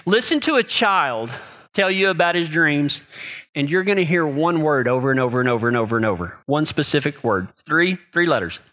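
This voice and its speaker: A male preacher delivers a sermon as a loose, folksy story with a high, bright voice. He repeats words as he goes and checks in with his listeners. The talk stays conversational rather than formal. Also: lively intonation, brisk. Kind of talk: sermon with folksy personal stories.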